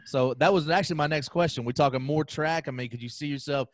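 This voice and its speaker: A man's voice: a little high, quick pace. A man co-hosting a podcast, asking loose, teasing questions. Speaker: podcast co-host. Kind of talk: casual podcast interview.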